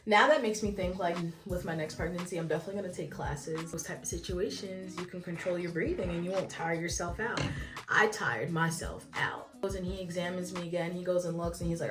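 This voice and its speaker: A young woman chatting through a casual story, her voice low for a woman and full of fillers. She sounds a little far from the mic in an echoey room, and faint music plays behind her. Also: a little fast. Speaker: vlogger.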